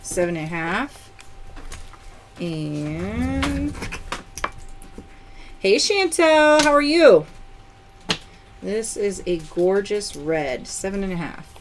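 A woman's voice: mid-range voice, big pitch swings, very slow, pauses often, background noise. A woman hosting a live-stream sale, chatty, greeting viewers by name and counting items aloud. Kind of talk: live-stream sales chat.

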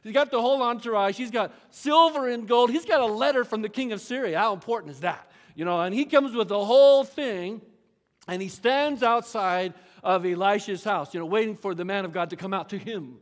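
A male pastor preaching a sermon, telling the story with animated asides and acted-out quotes. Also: sits high, fairly quick. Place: church sanctuary. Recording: church hall reverb.

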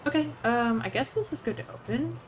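A woman's voice: fairly high pitch, animated, a little fast, slight background noise, low-quality recording. A young woman on a casual gaming livestream, rambling, giggling and swearing now and then as she chats with viewers. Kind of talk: casual gaming stream chat.

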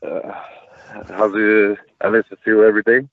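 A man's voice: lowish voice, level tone, moderate pace, no echo. Italian-accented man on a tinny phone. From Italy. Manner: chatty, laughing. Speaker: caller. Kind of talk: casual phone call.

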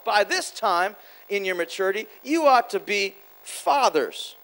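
Male preacher, high voice, animated, loud bursts and quiet asides, quick repeats. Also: low-quality recording. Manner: quick, with repeated words and restarts. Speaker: guest preacher. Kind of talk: sermon.

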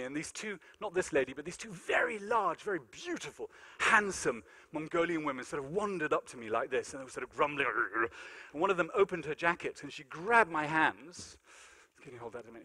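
A man giving a lecture in a large conference hall, telling animated, self-deprecating stories. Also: fairly high pitch. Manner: animated, self-deprecating anecdotes, many fillers. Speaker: keynote lecturer. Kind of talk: storytelling lecture with acted-out dialogue.

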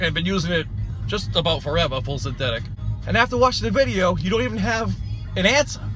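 A man's voice: high voice, sharp tone, rough recording. A man hosting his own vlog, ranting sarcastically and mocking another creator. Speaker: channel host.

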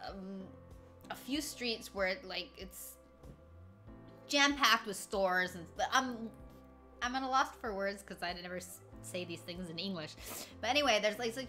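A woman's voice: medium pitch, bright, forceful tone. A woman in her twenties chatting casually with her stream viewers, rambling through stories, laughing often and greeting chat along the way. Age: 20s. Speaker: livestreamer.

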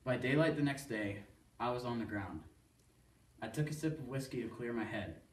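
A man reading a first-person poem aloud as a student, in a steady, earnest storytelling delivery. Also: mid-range voice, normal speed. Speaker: student reader. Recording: echoey room, voice from far off.

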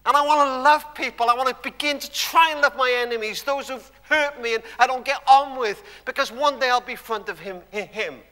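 A man preaching a sermon in a church, telling stories emphatically and dropping to hushed tones. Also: very high-pitched, fairly quick, hardly any pauses. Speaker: guest preacher. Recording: long church hall reverb.

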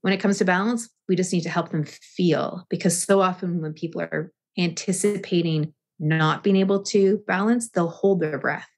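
A woman guest explaining balance and breathing in yoga, speaking slowly and deliberately with frequent restarts. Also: lowish voice, steady tone. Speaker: yoga and movement teacher, guest. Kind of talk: thoughtful interview answers.

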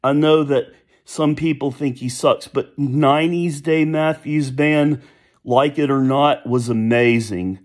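A man's voice: a little high, steady tone, takes it slowly. A man in his thirties giving a rambling, nostalgic monologue for a vlog, breaking into hummed and sung bits of old songs. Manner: rambling, nostalgic, hums and sings song snippets. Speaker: vlogger. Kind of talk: casual opinion monologue.

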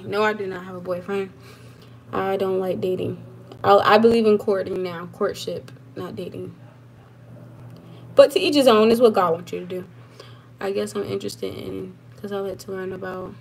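A woman's voice: medium pitch, gravelly, a little hiss or hum. A young woman chatting casually on a livestream, answering viewers while moving around her kitchen, laughing and emphatic. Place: home kitchen.

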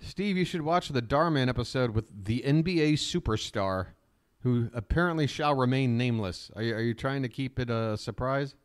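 A man's voice: mid-range voice, expressive, normal speed, smooth. A man hosting a live stream, talking in a rambling, profane, openly emotional way as he reacts casually to a clip.

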